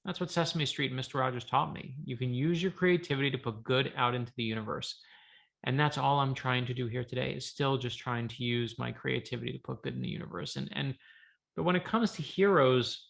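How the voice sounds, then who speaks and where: A middle-aged author, a man, chatting as an interview guest and telling lively stories, acting out the voices of the people in them. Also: mid-range voice, fairly quick, gravelly. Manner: animated storyteller, acts out quoted voices. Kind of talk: casual interview chat.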